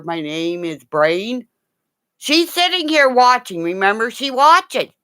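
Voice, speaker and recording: A middle-aged woman hosting a rambling, casual livestream chat, excitable, gasping and dropping into whispers. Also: mid-range voice, no room sound, clean studio sound. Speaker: livestream host.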